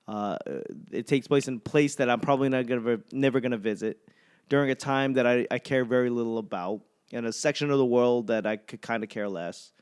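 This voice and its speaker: A man's voice: medium pitch, smooth. A man in his thirties with a Boston accent, hosting a podcast in a rambling, profane comic monologue. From Boston area. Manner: rambling and profane, with self-mocking asides. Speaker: podcast host and stand-up comedian. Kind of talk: casual comedic monologue.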